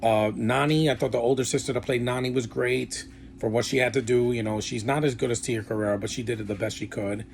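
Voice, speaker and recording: A man's voice: mid-range voice, fairly even intonation, a little fast, gravelly, a little hiss or hum. A man giving a casual, rambling film review with blunt opinions and lots of fillers. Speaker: movie reviewer.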